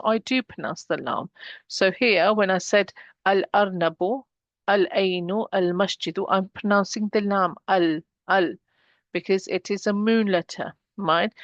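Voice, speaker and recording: A woman leads a beginner Arabic lesson in a patient, explanatory manner. She slows down to sound out each example word. Her voice sits at a middle pitch, recorded close and dry with no room sound. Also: no echo. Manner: patient, slows down to model pronunciation. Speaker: Arabic teacher.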